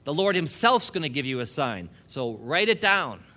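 A man's voice: fairly high pitch, very animated, moderate pace, pushed and bright. A man preaching a sermon, joking and laughing between points and building emphasis as he goes.

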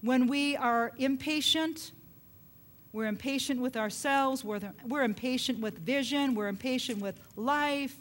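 A woman preaching a sermon, retelling scripture with animated, dramatic delivery. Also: high voice, measured pace.

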